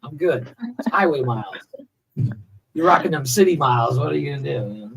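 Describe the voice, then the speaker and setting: A man in his forties hosting a casual comedy podcast, voice sitting high and gravelly. He jokes crudely and swings his pitch up and down a lot as he rattles through banter. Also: expressive, a little fast, a bit bright. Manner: loose, joking, crude banter. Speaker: podcast host.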